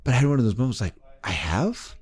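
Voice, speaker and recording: A man being interviewed as a life coach, telling a story in a podcast interview and acting out the voices of the people in it. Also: very fast. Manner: animated, acts out quoted voices with big pitch jumps.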